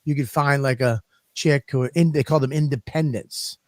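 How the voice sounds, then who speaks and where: Clean studio audio with no room sound carries this male podcast co-host's mid-range voice at an ordinary pace. He trades crude stories full of profanity, wandering from point to point in a relaxed, joking conversation.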